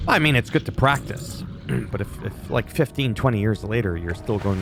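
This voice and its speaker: Profane gamer ranting. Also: male voice, on the low side, a little fast, gravelly, noisy background. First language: French. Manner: ranty, profane, opinionated. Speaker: gaming YouTuber. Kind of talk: casual gameplay commentary.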